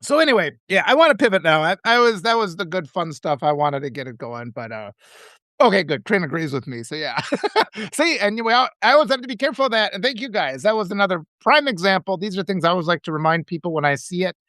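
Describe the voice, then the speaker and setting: A middle-aged man hosting a casual live stream, talking in a rambling, animated way with many restarts and laughs. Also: high voice, fast talker, no echo, studio quality. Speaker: author and live-stream host.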